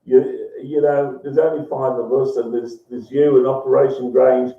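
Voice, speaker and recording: A man hosting a live stream, rambling as he reads viewers' messages and breaking into loud, sweary rants. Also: medium pitch, steady tone, moderate pace. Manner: swings into loud swearing rants, laughs a lot. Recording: roomy, distant, dull lo-fi sound.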